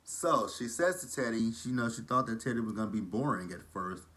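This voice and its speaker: With a Texan drawl, a man gossips his way through a reality show recap, chatty and throwing shade along the way. His medium-pitched voice is expressive and a bit bright, and he talks slightly fast.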